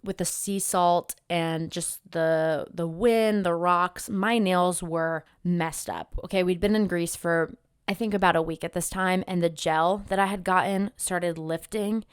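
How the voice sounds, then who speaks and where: A young woman vlogging as a travel content creator, telling a story in a chatty, animated way and acting out the voices of the people in it. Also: lowish voice, unhurried, clean tone, dry recording, clean studio sound. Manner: chatty, animated, acts out quoted voices with many "like"s. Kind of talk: casual storytelling vlog.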